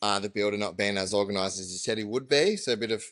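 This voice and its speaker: A man, a podcast guest who tells his story in a chatty, halting way with many fillers. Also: on the low side, fairly bright tone, dry recording. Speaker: guest, electrician business owner. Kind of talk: casual podcast chat.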